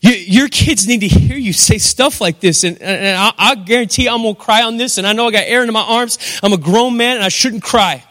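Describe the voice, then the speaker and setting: A man's voice: sits high, a little fast, hardly any pauses, pushed and bright. A middle-aged man preaching a sermon as pastor, emphatic and repetitive, with rhetorical questions. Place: church hall. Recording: long hall reverb.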